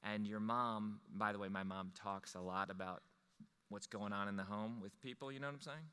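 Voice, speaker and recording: A man telling a personal story to an audience, animated and rambling, with restarts. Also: fairly low pitch, a little fast, clean tone, big-room sound. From Wisconsin.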